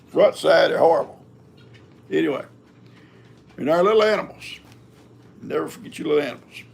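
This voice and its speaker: A man's voice: medium pitch, creaky, slight background noise. An older man, hosting a live stream in a rambling, folksy chat and talking to his cats. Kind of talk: casual chat.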